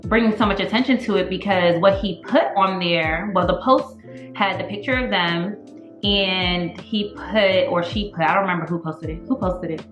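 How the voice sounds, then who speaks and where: Brief: woman co-host, candid and emphatic, mid-pitched, in an echoey room with music behind. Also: moderate pace, lo-fi sound. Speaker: podcast co-host. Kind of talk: casual opinionated chat.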